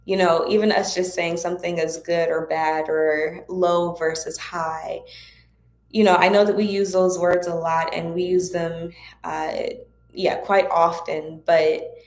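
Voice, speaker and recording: Low-voiced woman giving chatty spiritual advice. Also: level tone, measured pace, darkish tone. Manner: chatty and encouraging, speaks directly to viewers. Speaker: host of a spiritual Q&A livestream. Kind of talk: casual spiritual guidance talk. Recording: echoey room.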